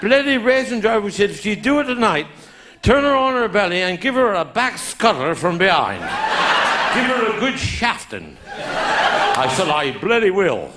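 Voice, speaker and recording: A man's voice: sits high, big pitch swings, unhurried. A man with a broad Cornish accent telling a long comic story on stage, in dialect grammar, laughing along with his own punchlines. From Cornwall. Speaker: stand-up comedian. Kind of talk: live stand-up storytelling. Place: live show venue with an audience.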